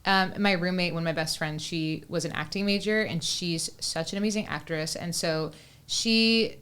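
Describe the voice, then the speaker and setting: Low-voiced young woman chatting casually. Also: moderate pace, a bit bright, clean tone. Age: 20s. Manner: thoughtful, with frequent "like" and "whatnot". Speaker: guest musician. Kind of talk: casual interview chat. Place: Los Angeles.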